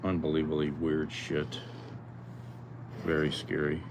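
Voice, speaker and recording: A man's voice: rumbling low, monotone, unhurried. A man vlogging his day at home, talking to himself while he cooks and does chores. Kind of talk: casual daily vlog. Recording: noisy room ambience.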